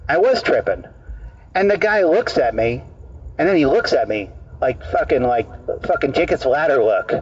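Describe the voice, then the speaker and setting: A male street comedian telling a rambling, deadpan absurd story in halting, repeated phrases to people in an outdoor park. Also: a little high, breathy edge. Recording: dull distant outdoor recording.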